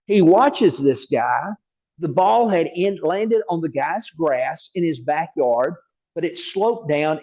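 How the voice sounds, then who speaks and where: Man preaching with animated storytelling. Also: fairly high pitch, highs cut off. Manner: animated storytelling with repeated words. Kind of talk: sermon.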